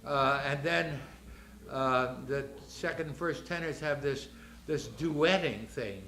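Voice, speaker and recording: A man's voice: mid-range voice, takes it slowly, a bit bright, a little hiss or hum. An older man directing a choir rehearsal, explaining the music and counting the singers in. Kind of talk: choral rehearsal instruction. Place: rehearsal room. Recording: echoey rehearsal room.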